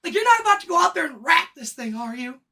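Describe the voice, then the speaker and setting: A man's voice: very high voice, very animated, quick pace, pushed and bright, exaggerated voice. A man putting on the voice of a blunt male arena manager who is a veteran. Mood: condescending.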